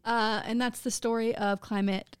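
A woman's voice: a little high, level tone, normal speed, clear, resonant tone, no echo, studio quality. Blunt, swearing woman podcast co-host. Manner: blunt, profane and joking. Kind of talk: casual chat.

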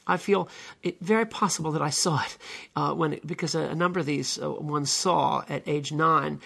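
Older guy in his 70s, gravelly husky voice, earnest podcast storytelling, lots of uhs. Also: a little high, moderate pace, fairly bright tone. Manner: earnest, emphatic storytelling with many hesitations. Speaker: podcast host. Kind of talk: solo podcast monologue retelling a TV episode.

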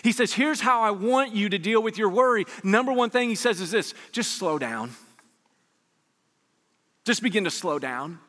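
A man preaching a sermon as a pastor, speaking conversationally with rhetorical questions and swinging from loud bursts to hushed lines. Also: high-pitched, lively intonation, fairly quick, few pauses. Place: church sanctuary. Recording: long reverb of a large church hall.

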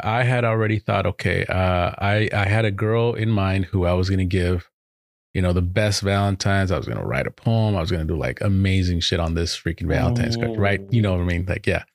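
A man telling a rambling, animated story in casual chat, laughing often. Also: on the low side, no echo, clean studio sound.

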